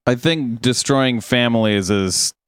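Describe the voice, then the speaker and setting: Man, deadpan jokes, smooth resonant voice, dry. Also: mid-range voice, a little slow, dry recording. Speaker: podcast co-host reacting to a clip. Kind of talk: casual chat.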